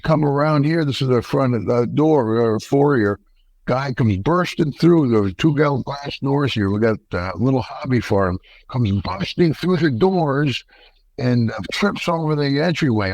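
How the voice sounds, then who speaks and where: A man's voice: medium pitch, normal speed, dry recording, low-quality recording. Older man telling a wild story. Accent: American. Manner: animated, folksy, acts out quotes. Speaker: podcast guest, retired wrestler. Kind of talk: casual storytelling interview.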